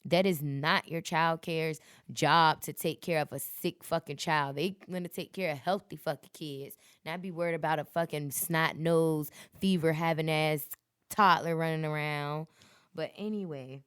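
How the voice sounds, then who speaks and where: A woman's voice: low-pitched, fairly even intonation, moderate pace, smooth, dry recording, clean studio sound. A woman in her thirties hosting a casual solo podcast, talking bluntly with lots of cursing and preachy pep talk. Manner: profane, blunt, preachy and motivational. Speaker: podcast host.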